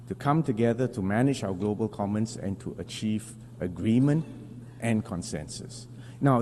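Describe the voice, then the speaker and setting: A man from Singapore giving a formal diplomatic speech at a podium, measured and emphatic with deliberate pauses. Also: on the low side, mellow. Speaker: foreign minister addressing the assembly. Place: large assembly hall. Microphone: podium microphone. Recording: reverberant hall broadcast with faint hum.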